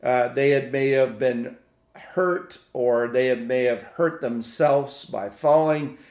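A man preaching a sermon for a podcast in a reflective, halting way, often repeating words as he searches for the next thought. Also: mid-range voice, fairly even intonation, a little mellow, echoey room. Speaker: pastor.

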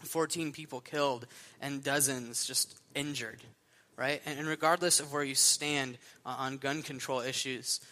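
A young man preaching a sermon, telling stories in a casual, animated way with lots of fillers. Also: medium pitch, measured pace. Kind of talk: sermon storytelling.

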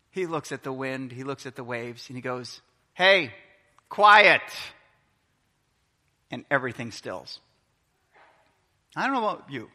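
Animated pastor, somewhat high voice, preaching in a reverberant church hall. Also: male voice. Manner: animated, acts out Bible scenes in quoted voices. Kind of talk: sermon.

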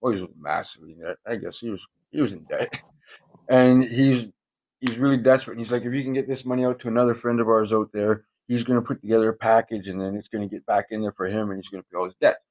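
A man's voice: fairly low pitch, quick pace, a little mellow, lo-fi sound. A man casually telling profane, rambling stories in a podcast interview, chuckling often. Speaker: guest, former prisoner.

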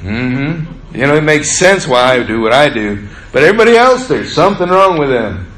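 A man preaching a sermon in a folksy storytelling way, stretching out words for emphasis and dropping low on asides. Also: sing-song, normal speed, a bit bright. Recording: echoey room with faint ambience.

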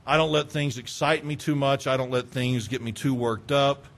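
A middle-aged male pastor preaching a sermon, animated, swinging between loud urging and quiet asides. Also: medium pitch, normal speed.

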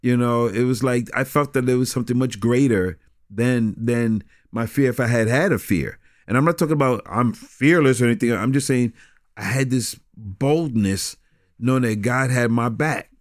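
Animated storytelling man, dry sound. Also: medium pitch, normal speed, no echo. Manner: animated, many restarts and "you know". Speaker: street minister. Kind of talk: conversational storytelling.

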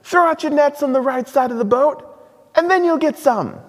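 Guy doing a squeaky cheeky british fella, comic and playful, big echoey hall. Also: normal speed. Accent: British, put on. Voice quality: high, falsetto-like. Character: shrill, cheeky British-sounding man calling from shore. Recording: long hall reverb.

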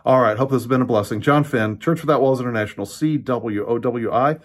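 A man teaching scripture in an earnest, halting way. He quotes verses and restarts his phrases as he speaks. His voice sits in a middle pitch and is captured on a home computer or phone. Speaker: pastor. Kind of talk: online Bible teaching. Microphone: computer or phone camera.

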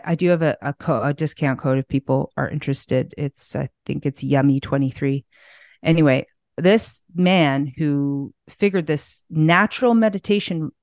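A woman's voice: deep voice, dry recording, studio quality. Candid, swearing middle-aged woman guest. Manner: candid, loose and profane, with frequent restarts. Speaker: guest, naturopathic practitioner. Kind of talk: casual interview talk.

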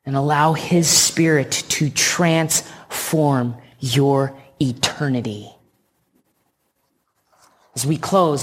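A woman preaching a sermon, telling a story slowly and earnestly with emphatic repetition. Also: deep voice.

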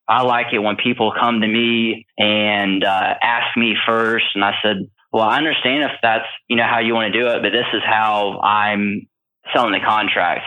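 A man's voice: on the low side, sharp tone. A man who is a guest on a podcast, telling a deal story in a casual, rambling way with lots of fillers, heard over a phone line. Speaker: podcast guest, real estate wholesaler.

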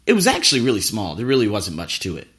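A man's voice: fairly low pitch, wildly swooping pitch, fast talker, fairly bright tone. A man hosting a podcast, telling a travel story in a casual, profane, ranting way. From United States. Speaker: podcast host.

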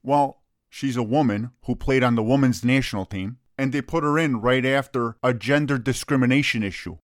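A man's voice: medium pitch, moderate pace, dry recording, clean studio sound. A man with a brash, profane, opinionated way of talking, casually co-hosting a soccer chat. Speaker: soccer podcast co-host.

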